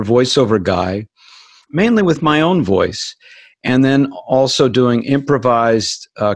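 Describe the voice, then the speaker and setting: A man's voice: medium pitch, no echo. A middle-aged man, a guest actor, chatting playfully and joking in an interview. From Hollywood, United States. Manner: playful, jokey. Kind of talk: casual interview chat.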